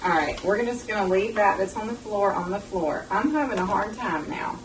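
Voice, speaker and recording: A woman's voice: medium pitch, expressive, moderate pace, slight background noise. A woman hosting a home cooking vlog, chatting folksily to her viewers as she cooks. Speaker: cooking show host. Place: home kitchen. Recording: echoey kitchen, mic far off, loud kitchen clatter. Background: dishes and pans clattering.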